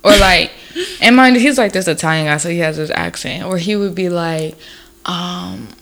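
A woman's voice: lowish voice, expressive, normal speed, a bit bright. A woman in a casual chat, talking bluntly with frequent swearing and filler words. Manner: blunt, swears freely, lots of "like".

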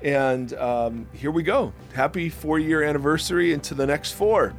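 A man's voice: on the high side, normal speed, few pauses, soft background music. A man hosting a casual faith podcast, upbeat and joking with his co-hosts, then ending the episode with a spoken blessing. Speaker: podcast host.

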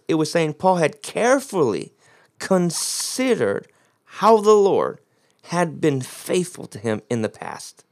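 A man's voice: a little high, creaky. A man preaching a sermon, explaining the Greek grammar of a Bible passage with strong emphasis.

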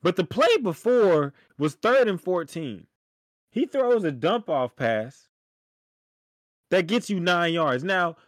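A man's voice: sits high, no echo. A man co-hosting a sports podcast, ranting animatedly and swearing freely about a coaching decision. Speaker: podcast co-host. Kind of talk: heated sports talk.

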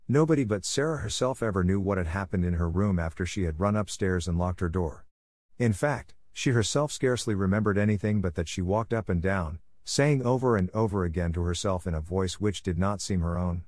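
A man narrating a classic novel aloud in a calm, even storytelling manner. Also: low-pitched, fairly quick, no echo, clean studio sound. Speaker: audiobook narrator.

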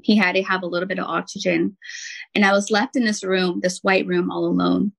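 An earnest woman telling her own story in conversation, her voice carrying a light vocal fry at the ends of phrases. She sits in the middle of the usual female range and speaks in a heartfelt, unpolished way, full of "um" and "like". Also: mid-range voice, level tone, fairly quick, fairly bright tone, low-quality recording. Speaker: podcast guest, intuitive healer and nurse.

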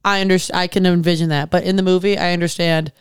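Chatty woman podcaster, smooth voice. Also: on the low side, steady tone, no echo, clean studio sound. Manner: chatty, quick to react and jump in. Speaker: podcast co-host. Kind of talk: casual chat.

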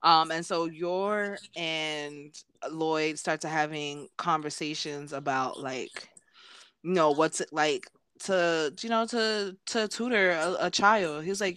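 A young woman co-hosting a podcast, recapping chapters in casual chat with animated retellings. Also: low-pitched, takes it slowly, clear, resonant tone, no room sound. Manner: animated retelling with playful quoted voices. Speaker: podcast co-host.

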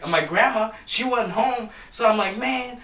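A man's voice: very high voice, moderate pace, bright, forceful tone. A young man telling a rambling, profanity-filled story in casual chat with friends. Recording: echoey room from far off.

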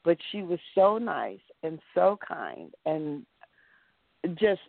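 A woman, an actress guest in an interview, telling animated stories and acting out what people said. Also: deep voice, takes it slowly, gravelly, dry recording. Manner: animated storyteller acting out quotes. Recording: dry, tinny phone-like line.

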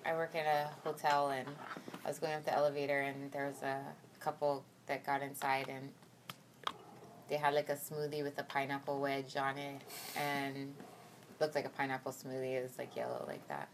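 A woman chatting casually as a guest in a car, relaxed and full of filler "likes". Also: rumbling low, normal speed, background noise. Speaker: guest, host's wife. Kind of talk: casual chat.

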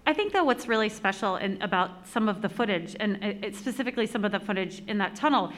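A woman's voice: medium pitch, expressive, fast talker, fairly bright tone. A woman interviewer reflecting on footage in a conversational way, with frequent "like" and "I think". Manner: reflective, uses fillers like "like" and "I think".

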